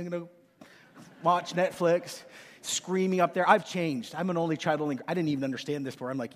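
A man's voice: sits high, fairly quick, big-room sound. A male pastor preaching with emphatic repetition and playful acted asides in a sermon.

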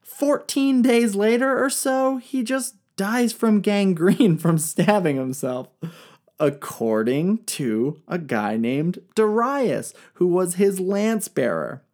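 A woman's voice: mid-range voice, lively intonation, takes it slowly, darkish tone. A woman retelling ancient history in a comedic, irreverent style, full of slang, swearing and jokes. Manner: irreverent, profane, slangy, jokey.

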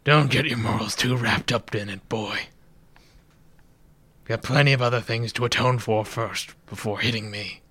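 A man's voice: mid-range voice, steady tone, moderate pace, bright, forceful tone, slightly rough, dry recording. A man doing a curt, scornful prisoner. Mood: dismissive. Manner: curt, dismissive. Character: gruff imprisoned older man, scornful.

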